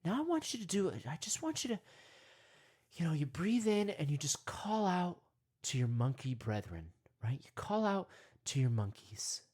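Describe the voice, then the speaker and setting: A man's voice: on the high side, sing-song, moderate pace, husky. Rambling man guiding a mock meditation. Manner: rambling, full of "you know" and "right?"; drops to hushed whispers at times. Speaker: meditation guide. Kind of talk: parody guided meditation.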